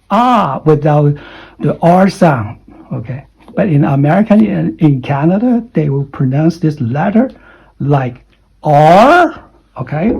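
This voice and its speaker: A man teaching English pronunciation. He repeats letters and sounds over and over, swings his pitch up and down to show stress, and keeps checking in with "okay?". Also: a little mellow, breathy edge, low-quality recording. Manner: drills sounds by repeating them, with exaggerated rising and falling pitch; frequent "okay?" and "you know" check-ins. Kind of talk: pronunciation lesson.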